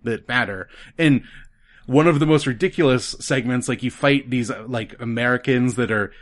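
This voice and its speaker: A man's voice: mid-range voice, normal speed. A man co-hosting a casual conversation about video games, rambling and using many "like" fillers.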